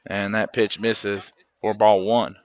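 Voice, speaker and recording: A man calling a high school baseball game play by play for a live stream, steady and lifting on the big plays. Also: slow, dull audio. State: coughing, throat irritated. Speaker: play-by-play announcer. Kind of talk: sports commentary.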